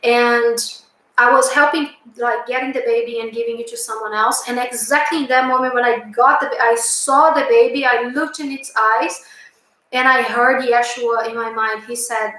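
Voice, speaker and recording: A woman's voice: on the high side, moderate pace, fairly bright tone. Woman telling her story, lots of ums and restarts, very echoey room. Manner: hesitant, lots of fillers and restarts, earnest. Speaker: channel host recounting a past-life memory. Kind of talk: casual storytelling.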